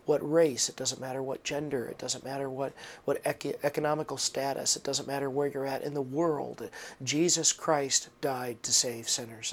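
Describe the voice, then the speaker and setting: A man preaching a sermon earnestly, stressing points by repeating phrases, with frequent restarts. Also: mid-range voice. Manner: earnest, with emphatic repetition and restarts.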